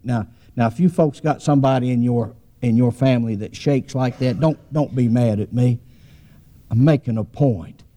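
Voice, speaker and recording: A man's voice: medium pitch, dark tone. A man, preaching a sermon as a folksy, rambling story with frequent restarts.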